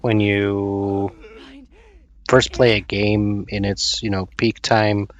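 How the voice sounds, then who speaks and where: A man's voice: fairly low pitch, flat delivery, slow. A man chatting casually with a friend while playing a co-op game, easygoing and hesitant. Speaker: co-op gaming friend. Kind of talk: casual gameplay chat.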